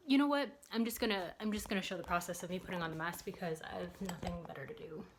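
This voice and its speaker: A woman's voice: lowish voice, fast, slight background noise. Chatty young woman vlogging at home. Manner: chatty, rambling, with many fillers. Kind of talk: casual vlog chat.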